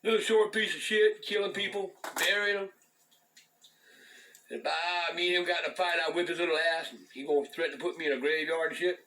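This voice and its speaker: An older man with a high, sharp voice spins a rambling, foul-mouthed tale. He restarts phrases again and again and curses in almost every sentence. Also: fairly even intonation, fairly quick, slight background noise, poor audio. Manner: swears constantly, repeats and restarts words. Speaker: storyteller, channel host. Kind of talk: profane rambling storytelling.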